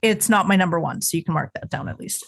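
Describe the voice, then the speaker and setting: A woman's voice: fairly low pitch, fast talker, vocal fry. Blunt young woman with a dry manner. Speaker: podcast co-host. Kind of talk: casual chat.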